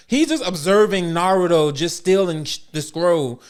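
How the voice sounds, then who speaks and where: A man's voice: high voice, normal speed, few pauses, clear, resonant tone. A man co-hosting a casual podcast, giving wry, incredulous commentary in slang. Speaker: podcast co-host. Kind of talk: casual chat.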